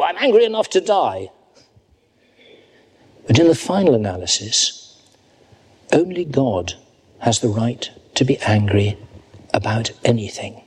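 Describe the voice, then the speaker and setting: A man preaching a sermon at a church service, earnest and reading scripture slowly and deliberately. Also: fairly low pitch, breathy edge.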